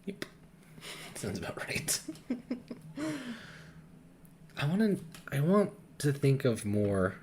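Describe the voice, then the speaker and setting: A young man co-hosting a podcast in casual chat, goofy and quick to laugh at his own jokes. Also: medium pitch, very animated, a little mellow, slight background noise. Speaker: podcast co-host.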